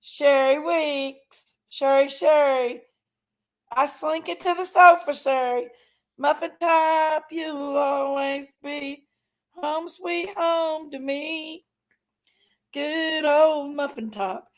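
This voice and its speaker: A woman's voice: high-pitched, fairly even intonation, takes it slowly. A woman hosting a casual livestream, affectionately greeting viewers one by one by name and sometimes sounding tearful. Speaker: livestream host.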